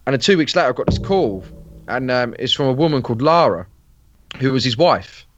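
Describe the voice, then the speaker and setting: A man's voice: medium pitch, animated, fairly quick, muffled recording, background noise. A man, a podcast guest chatting casually, rambling with plenty of fillers and restarts. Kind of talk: casual chat.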